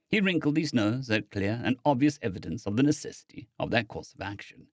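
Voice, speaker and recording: Expressive male audiobook narrator. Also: medium pitch, no room sound, studio quality. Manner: expressive storytelling. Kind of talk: scripted narration.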